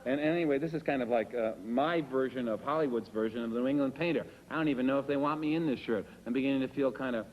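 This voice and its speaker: A man's voice: mid-range voice, fast talker, few pauses, long reverb tail, highs cut off. A man performing a wry, self-deprecating storytelling monologue and acting out the dialogue himself.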